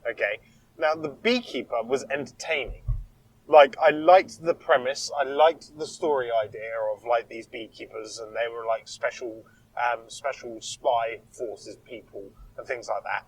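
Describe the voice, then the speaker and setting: A man's voice: medium pitch, unhurried, slightly rough, dry recording, poor audio. A man co-hosting a casual podcast, rambling through his opinions with restarts. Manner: rambling, restarts, frequent agreement. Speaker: podcast co-host. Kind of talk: casual chat.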